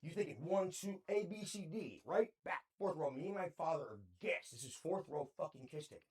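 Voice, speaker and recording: Excitable high-voiced man. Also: fairly quick. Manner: excitable storyteller, heavy slang and swearing. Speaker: podcast co-host. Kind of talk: casual chat.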